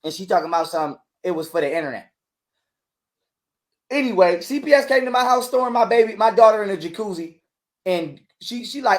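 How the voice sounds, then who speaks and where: A man, ranting in a heated interview, profane and repetitive, acting out quotes loudly. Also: high-pitched, expressive, fast. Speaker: guest telling his side of a breakup.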